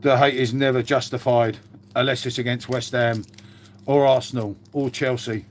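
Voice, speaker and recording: A man's voice: mid-range voice, level tone, moderate pace, a little hiss or hum. A man chatting casually on a live stream, rambling and laid-back, swearing freely and calling everyone mate. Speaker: livestreamer answering chat.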